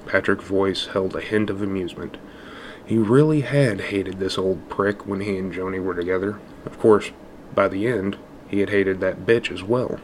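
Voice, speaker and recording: A man narrating a dark story in a measured, even storytelling manner. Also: low-pitched, slight background noise.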